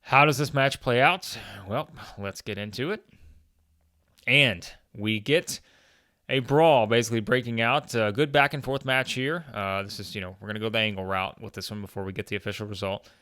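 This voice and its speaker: A man's voice: lowish voice, moderate pace, bright, forceful tone, smooth, no room sound, studio quality. Chatty man narrating a wrestling game. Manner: chatty, with frequent fillers and chuckles. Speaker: gaming video host. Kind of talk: casual narration of a wrestling sim playthrough.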